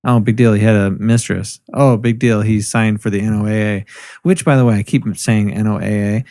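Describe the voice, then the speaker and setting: A man's voice: fairly low pitch, steady tone, a little fast, warm tone. Profane, ranting podcast man. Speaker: podcast co-host. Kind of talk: casual chat.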